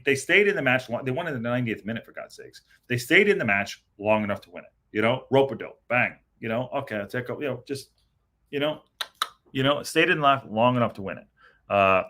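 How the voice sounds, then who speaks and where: A man's voice: mid-range voice, lively intonation, fast talker, sharp tone. A middle-aged man hosting a post-match reaction stream, rambling and swearing in frustration as he reads viewer comments. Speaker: podcast host reading chat.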